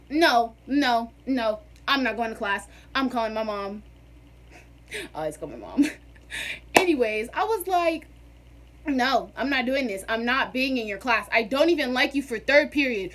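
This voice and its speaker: A young woman vlogger telling a storytime in a sassy, animated, dramatic way. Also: fairly high pitch, moderate pace. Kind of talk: casual storytime.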